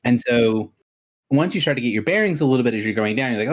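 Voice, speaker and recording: A man narrating and explaining options as game master of a tabletop game, in a relaxed, rambling way. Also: mid-range voice, quick pace.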